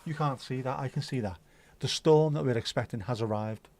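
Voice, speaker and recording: A middle-aged man chats through a livestream, rambling from one topic to the next. His talk is loose and sweary, full of banter for the viewers. His pitch sits in the middle range. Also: a little fast, a little mellow. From Liverpool, England. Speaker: livestream host. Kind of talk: casual chat reading viewer comments.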